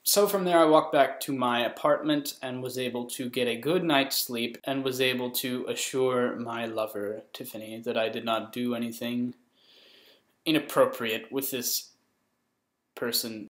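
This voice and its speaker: A young man rambles through a comic story for his vlog, piling up absurd jokes and mocking himself. His voice sits at a middling pitch. It rings in an echoey room. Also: steady tone, a little slow. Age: young adult. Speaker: vlogger. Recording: roomy echo.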